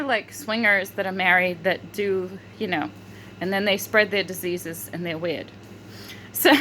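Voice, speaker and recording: A woman vlogger rambles through a story in a casual monologue, full of fillers, frequent restarts and lots of giggling. Her medium-pitched voice has a sharp tone, and the rough recording carries slight background noise.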